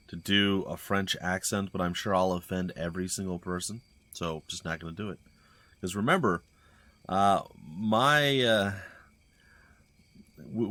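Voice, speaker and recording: A man's voice: lowish voice, a bit bright, no room sound. A man hosting a let's play, giving casual gameplay commentary in a rambling, hesitant way full of fillers and restarts, at a desk microphone at home.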